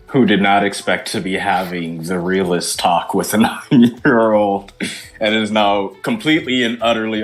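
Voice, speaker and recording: A player chatting casually at a tabletop game, laughing between remarks. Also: low-pitched. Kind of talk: casual play chat. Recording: faint music behind.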